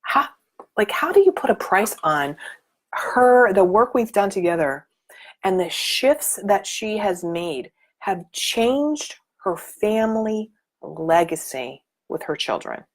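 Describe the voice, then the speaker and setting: A middle-aged woman, a life coach, talking casually and emphatically on a live stream, motivational and animated. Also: medium pitch, slow pace.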